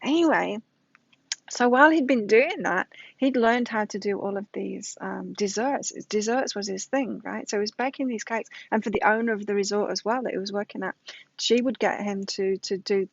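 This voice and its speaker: A woman's voice: medium pitch, moderate pace, creaky, no room sound, highs cut off. A middle-aged woman giving a casual weekly tarot reading, emphatic, repeating her points and telling stories to make them. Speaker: tarot reader.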